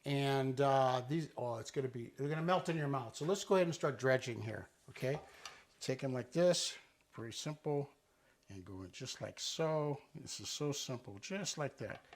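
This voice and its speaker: Speaking at medium pitch and a normal pace, a man runs a casual cooking demonstration in a kitchen with an island and stovetop. He's playful and chatty, teaching Italian words while he cooks for his show.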